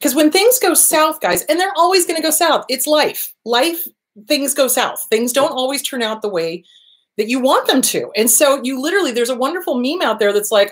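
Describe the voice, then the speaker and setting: A woman's voice: sits high, expressive, moderate pace. A middle-aged woman therapist hosting an advice talk, speaking casually and animatedly, acting out little voices and gasps to make her points. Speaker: therapist and show host.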